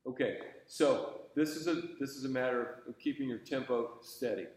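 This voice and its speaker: A man's voice: medium pitch, fairly even intonation, normal speed, few pauses, darkish tone. A man teaching conducting to a student, patient and encouraging, thinking aloud with fillers and restarts. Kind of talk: coaching a student in a class. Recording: very echoey room.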